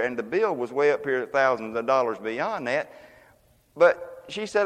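Folksy preacher in a reverberant church. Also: male voice, mid-range voice, expressive, a little slow. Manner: folksy preaching, rising to loud exclamations. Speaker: pastor. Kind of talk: sermon. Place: church sanctuary.

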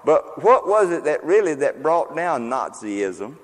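A man's voice: on the high side, very animated, a little slow. An older man preaching a sermon as pastor, in a folksy, joking, conversational way. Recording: long reverb of a large hall.

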